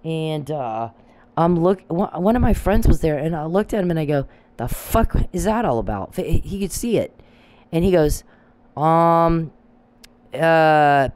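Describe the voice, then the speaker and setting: A woman's voice: low voice, animated, a little slow, darkish tone, dry recording, poor audio. A woman talking in an angry, rambling monologue, combative and profane, with frequent restarts.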